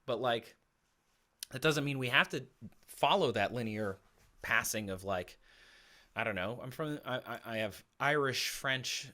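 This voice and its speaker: A man's voice: medium pitch, measured pace, pauses often, bright, forceful tone. An American man in his thirties chatting casually as a podcast guest, talkative and full of restarts. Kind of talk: casual conversation.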